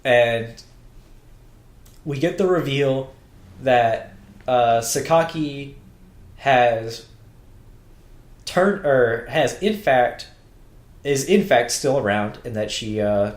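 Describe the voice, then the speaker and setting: A man's voice: mid-range voice, very slow, long pauses. Casual male co-host, rambling recap, plays out quotes, roomy echo. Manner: rambling, restarts often, acts out quotes. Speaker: podcast co-host.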